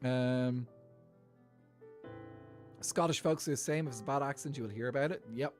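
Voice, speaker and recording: A man's voice: medium pitch, mellow. A man with an Irish accent, chatting casually and rambling off on tangents while livestreaming a game. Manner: rambling, digressive, laughs often. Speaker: streamer.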